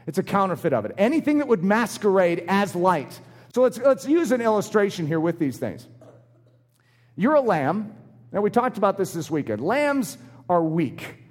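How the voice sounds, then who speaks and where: A man preaching a sermon, acting out short voices in his illustrations. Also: high-pitched. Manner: animated, acts out little voices in his illustrations. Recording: long hall reverb.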